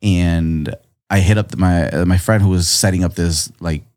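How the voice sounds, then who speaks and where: Slangy man telling a story, low voice. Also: normal speed. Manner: animated, jumps high in pitch when quoting people; slangy, laid-back, says dude and bro a lot. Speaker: guest artist. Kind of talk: casual storytelling chat.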